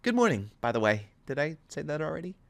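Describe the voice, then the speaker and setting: A man voicing a gentle young woman in a storybook reading, speaking quietly and hesitantly. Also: on the high side, sing-song, fast, gravelly, voice pushed up.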